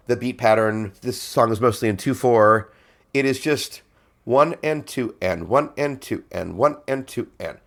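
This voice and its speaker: A male songwriter hosting a casual explainer, talking in a chatty way with frequent fillers and laughs. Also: medium pitch. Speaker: songwriter host.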